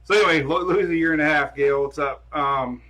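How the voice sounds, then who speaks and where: A man's voice: a little high, a little fast, sharp tone. A man hosting a casual weather live stream from home on his phone camera, rambling and chatty as he talks to viewers and his dogs.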